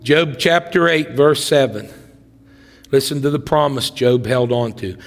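A man preaching a sermon, telling the story with acted-out voices and swinging between loud, excited passages and hushed ones. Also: mid-range voice, a little slow, creaky. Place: church sanctuary. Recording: long hall reverb.

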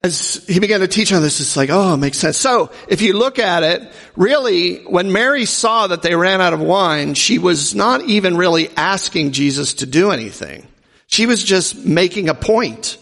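A man's voice: high voice, expressive, moderate pace, creaky, fairly bright tone, big-room sound. A man giving an informal, conversational sermon with jokey asides and acted-out quotes. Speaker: preacher.

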